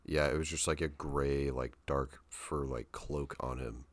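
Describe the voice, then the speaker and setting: A man's voice: a bass voice, fairly even intonation, unhurried, no room sound. A young man co-hosting a podcast, telling a story in a loose, rambling way full of fillers and slang. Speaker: podcast co-host. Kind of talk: casual podcast chat.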